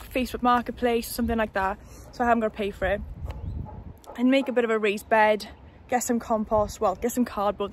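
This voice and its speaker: A woman's voice: a little high, a little hiss or hum. A woman chatting casually and self-deprecatingly in a vlog at her outdoor allotment. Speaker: allotment vlogger. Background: birdsong and outdoor ambience.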